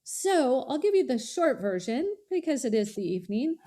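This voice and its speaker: Animated middle-aged woman telling a story. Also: high voice, moderate pace. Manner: animated, acts out dialogue in quoted voices. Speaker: guest, college strategist. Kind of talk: storytelling in a podcast interview.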